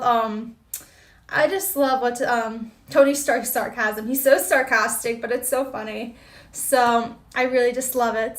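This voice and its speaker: A woman's voice: high-pitched, fairly bright tone. A woman hosting a casual livestream chat, greeting viewers and reading their comments in a bubbly, exclamatory way. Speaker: livestream host.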